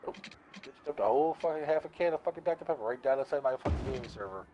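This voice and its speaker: An American man streams a game and chats casually, telling stories packed with swearing and laughter. His mid-range voice is animated and very fast, and the audio is dull with background noise.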